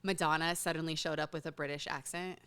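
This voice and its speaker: A woman in her thirties chatting as a podcast guest, playful and quick to joke. Her voice is bright and lively, swooping up when she teases. She talks in a loose, animated way. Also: deep voice, clear, resonant tone. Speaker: podcast guest, comedy writer. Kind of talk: casual chat.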